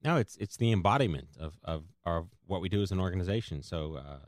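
A man's voice: low voice, expressive, quick pace, no echo, clean studio sound. A man hosting a podcast, chatty and joking, sometimes tripping over his words. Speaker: podcast host. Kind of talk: casual chat.

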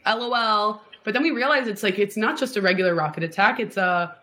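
A woman's voice: medium pitch, lively intonation, fast, sharp tone. A woman in her twenties from Miami, telling her story in a casual interview, rambling with lots of "like" and restarts. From Miami, Florida. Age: 20s. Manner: rambling, heavy use of "like" and restarts. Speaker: guest.

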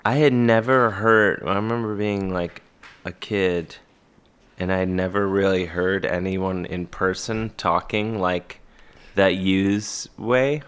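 Guy from cleveland rambling about acting, kinda low voice, laughs at himself. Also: fairly even intonation, takes it slowly, a bit bright, clean tone. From Cleveland, Ohio. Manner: rambling, self-deprecating, with restarts. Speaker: actor and guest. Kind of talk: casual podcast chat.

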